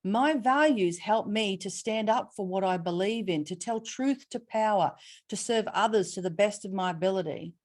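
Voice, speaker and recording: At medium pitch and normal speed, a middle-aged Australian keynote speaker addresses a webinar, weaving stories with expressive emphasis and throwing in rhetorical questions.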